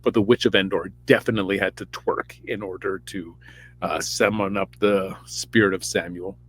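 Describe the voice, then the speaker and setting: A man's voice: low voice, fairly even intonation, normal speed, fairly bright tone, a little hiss or hum. A podcast host, a man, retelling a Bible story in a rambling, irreverent, campy way.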